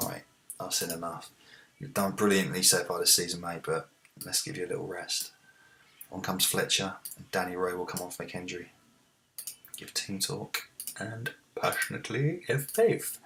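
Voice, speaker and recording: A man hosting a let's-play, commentating on a football management game and shouting at the big moments. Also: low-pitched, a little hiss or hum. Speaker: gaming video host.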